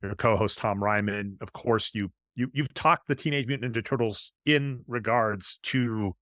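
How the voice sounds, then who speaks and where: A man's voice: on the low side, moderate pace, a bit bright, dry recording. A man co-hosting a podcast in casual chat, rambling in long run-on stretches and prone to tangents. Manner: admits to going off on tangents. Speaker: podcast co-host.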